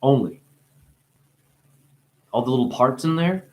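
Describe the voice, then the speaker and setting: A man who is high, talking in a rambling, profane monologue. His voice swings from low mumbling to sudden high exclamations. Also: expressive, unhurried. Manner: profane, playful. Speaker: spiritual video maker.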